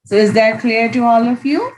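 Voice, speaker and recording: A woman's voice: a little high, moderate pace, darkish tone, low-quality recording. A woman teaching Quran reading in an online class, patiently demonstrating each letter sound aloud over a video call.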